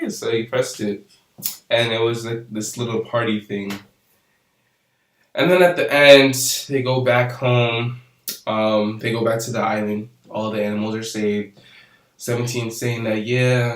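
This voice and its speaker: A man's voice: fairly low pitch, echoey room. A young man casually recapping and reviewing an anime episode, rambling with lots of fillers and laughs.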